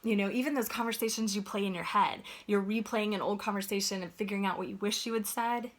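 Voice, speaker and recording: A woman's voice: medium pitch, fairly even intonation, quick pace. A woman giving an earnest, conversational motivational talk as a life coach, often checking in with "right?".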